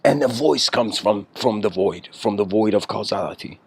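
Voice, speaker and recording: A man giving a casual, rambling spiritual lecture, clearing his throat often and laughing between thoughts. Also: lowish voice, moderate pace, a little mellow.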